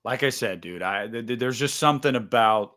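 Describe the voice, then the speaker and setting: Animated man chatting about movies. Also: mid-range voice, fairly quick. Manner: animated, swearing, acts out movie scenes with sudden loud jumps. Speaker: podcast host. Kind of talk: casual movie chat.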